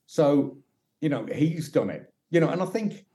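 Mellow West Midlands man, rambling chat. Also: fairly high pitch, very animated, a little slow. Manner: rambling, peppered with "you know" and restarts. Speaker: podcast guest. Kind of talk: relaxed conversational interview.

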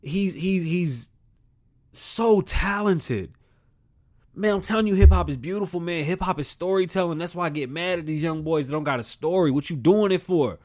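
A man's voice: on the high side, moderate pace. Profane, rambling male podcast host. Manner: profane, rambling, swings between loud outbursts and muttering. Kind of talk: casual comedic monologue.

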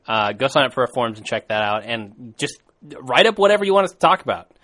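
A man's voice: mid-range voice, big pitch swings, fast talker, sharp tone. A man hosting a podcast in casual chat, loose and rambling, laughing often. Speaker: podcast host.

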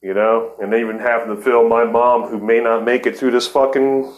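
A man's voice: mid-range voice, flat delivery, normal speed, roomy sound, dull audio. A man in his forties hosting a podcast, talking in a heated, profane casual chat and laughing often. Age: 40s. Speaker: podcast host.

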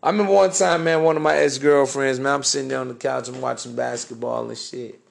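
Gravelly-voiced man holding forth on a podcast. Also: mid-range voice, steady tone, quick pace. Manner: blunt, profane, preachy, slangy. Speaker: podcast host. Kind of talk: casual monologue.

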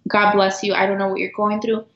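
A middle-aged woman guest telling a personal story earnestly, with halting restarts and repeated words. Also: medium pitch, level tone, a bit bright. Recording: roomy, dull lo-fi sound.

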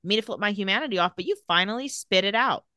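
A woman's voice: mid-range voice, fast talker, no echo, studio quality. A woman co-hosting a podcast, casually retelling a TV episode and acting out its lines. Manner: animated, acts out lines from the show with laughs. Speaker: podcast co-host recapping a TV episode. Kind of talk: casual chat, retelling scenes.

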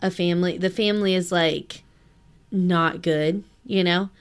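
A woman's voice: on the low side, fairly even intonation, a little slow, clear, resonant tone. A young woman co-hosting a casual book podcast, laid-back, swearing casually and reading quotes aloud. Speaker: podcast co-host.

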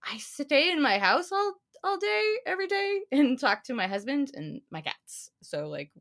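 Chatty, animated woman storyteller. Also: high voice, normal speed, vocal fry. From United States. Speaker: podcast co-host. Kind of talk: casual chat.

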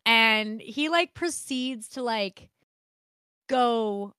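Animated, swearing woman storyteller. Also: a little high, measured pace, smooth, dry recording, clean studio sound. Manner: animated, swearing, acts out quotes. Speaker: podcast co-host. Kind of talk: casual storytelling chat.

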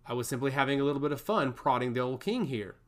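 A man's voice: mid-range voice, expressive, fast, close to an everyday voice. A man voicing a smug, scheming male servant of a god who taunts and giggles, in a storybook reading. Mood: taunting.

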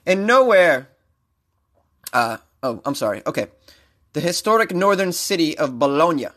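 A man's voice: a little high, big pitch swings, moderate pace, a bit bright. A man hosting a comedic news podcast, rambling and joking in a self-mocking way. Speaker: podcast host.

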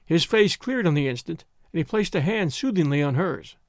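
A man narrating a classic short story in an expressive, measured reading voice. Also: on the high side, no echo, clean studio sound.

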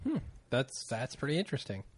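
A laid-back man co-hosting a casual podcast, blunt and quick to laugh. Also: medium pitch, wildly swooping pitch, no room sound. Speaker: podcast co-host.

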